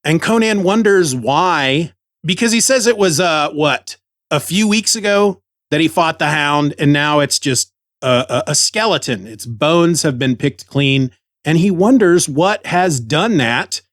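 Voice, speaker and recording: A man's voice: on the high side, animated, unhurried, a bit bright, no room sound. A man hosting a comic book podcast, chatty and enthusiastic, on a close microphone. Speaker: podcast host.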